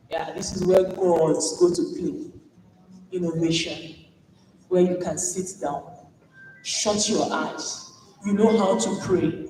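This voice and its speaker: A Nigerian woman giving an animated motivational keynote at a conference, acting out exchanges and dropping Pidgin asides. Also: mid-range voice, slight background noise. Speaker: conference speaker. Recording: echoey hall from far off.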